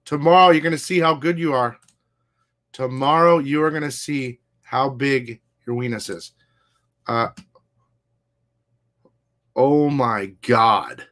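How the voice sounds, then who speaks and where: A man hosting a casual comic book livestream, talking fast and loose, swearing freely and reading viewer comments aloud. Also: medium pitch. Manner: profane, excitable, reads chat aloud. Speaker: comic shop livestream host. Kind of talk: casual live-stream chat.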